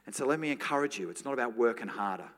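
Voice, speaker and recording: A man preaching a sermon to a congregation, telling a lively personal story and then slipping into soft, prayerful tones. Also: mid-range voice, very fast. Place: church. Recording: long reverb of a church hall.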